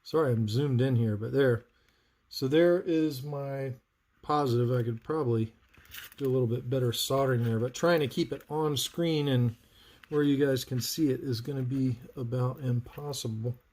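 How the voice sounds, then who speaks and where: Guy talking thru a soldering job on a live stream, chatty, mid pitch. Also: normal speed, darkish tone. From North Carolina, US. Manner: chatty, narrates work while answering viewers. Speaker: livestream host, saber builder. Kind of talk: live soldering tutorial chat.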